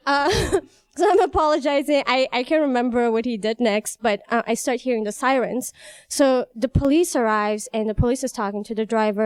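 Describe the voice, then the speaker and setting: A young woman from Iran telling a personal story, animated and vivid, laughing at herself now and then. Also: fairly high pitch, clear, resonant tone, dry recording. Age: young adult. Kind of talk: personal story told live.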